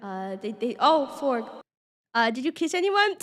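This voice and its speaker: Young woman streamer, giggly, bouncy high voice, unhurried chat. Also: big pitch swings, fairly bright tone. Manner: giggly, playful, chatty with chat. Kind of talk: casual live-stream chat.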